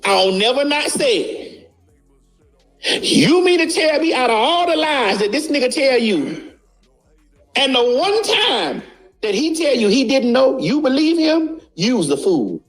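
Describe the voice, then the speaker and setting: A woman's voice: sits high, very animated, measured pace, faint music behind. A woman giving a blunt, casual commentary, preaching her point and repeating lines for emphasis, swearing freely.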